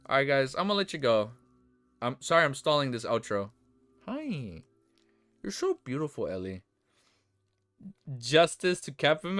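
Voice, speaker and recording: A young man with a bright, ringing voice chats loosely through a stream sign-off, his pitch bouncing all over the place. He rambles in an easygoing way and keeps slipping into doting baby talk aimed at his dog. Faint music plays behind him. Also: no room sound. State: low energy. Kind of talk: casual stream outro chat. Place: home, sitting on the floor.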